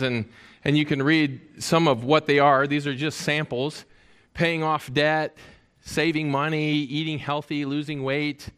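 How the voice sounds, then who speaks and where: A pastor preaches in a high-pitched male voice with a clear, resonant tone. He addresses the congregation in a relaxed, conversational way, often stopping on fillers.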